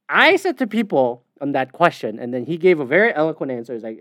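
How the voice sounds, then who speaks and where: A man's voice: a little high, very animated, quick pace, hardly any pauses, fairly bright tone, dry recording, clean studio sound. A man from the United States hosting a podcast alone, ranting in a heated, profane, rambling way. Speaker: podcast host. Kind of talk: casual solo rant.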